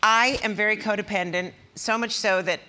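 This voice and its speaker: A middle-aged woman, a guest comedian, chatting on a talk show and acting out the people in her stories. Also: normal speed. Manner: animated storyteller, acts out quotes with big pitch jumps. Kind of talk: casual talk show chat. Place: television studio with audience.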